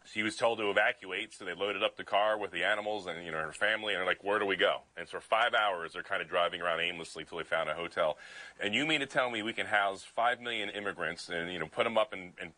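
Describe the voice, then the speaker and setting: A man's voice: low voice, fast talker, pushed and bright, no room sound, poor audio. A man from Pennsylvania, a state legislator in a remote news interview, talking in a fired-up, indignant way with many restarts.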